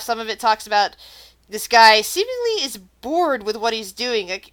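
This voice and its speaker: A woman's voice: on the high side, sharp tone. A woman narrating as game master of a tabletop game, chatty and loose, with lots of fillers.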